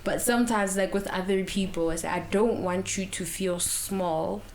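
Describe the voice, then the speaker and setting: A young South African woman co-hosting a casual podcast chat, telling stories in an animated way. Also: medium pitch, moderate pace, slight background noise. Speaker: podcast co-host.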